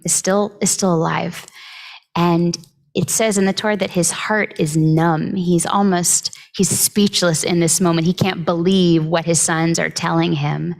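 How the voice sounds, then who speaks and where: Woman with a low, gravelly voice giving a sermon. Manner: reflective, unhurried, with frequent pauses and filler words. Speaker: clergy giving the weekly Torah talk. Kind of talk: conversational sermon.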